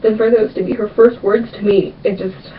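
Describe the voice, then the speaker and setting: A woman's voice: medium pitch, steady tone, normal speed, slight background noise. A young woman answering viewer questions in a casual vlog, chatty and emphatic, repeating words for stress. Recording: distant, dull lo-fi webcam sound.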